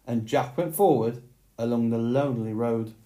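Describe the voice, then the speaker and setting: A man reading a fairy tale aloud in a measured, unhurried way. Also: medium pitch, mellow, reverberant. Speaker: storyteller. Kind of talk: storybook read-aloud.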